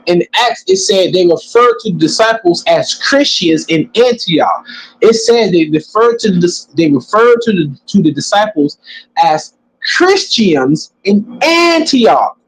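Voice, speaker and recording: A man's voice: sits high, very animated, unhurried, husky, rough recording. A man giving emphatic religious commentary, preachy, stretching words out for emphasis. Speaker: religious teacher.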